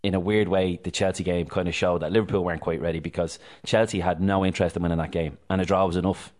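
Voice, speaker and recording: Male radio host, low voice, rapid jokey sports banter. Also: flat delivery, darkish tone. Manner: chatty, jokey, fast-talking. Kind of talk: casual sports chat.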